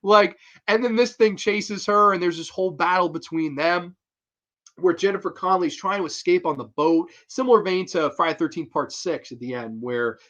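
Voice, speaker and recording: Hyped guy ranting about horror movies, swears a lot, slightly high voice. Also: brisk, highs cut off. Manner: excitable and profane, full of acted-out quotes. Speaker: host of a horror film review show. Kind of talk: casual film review monologue.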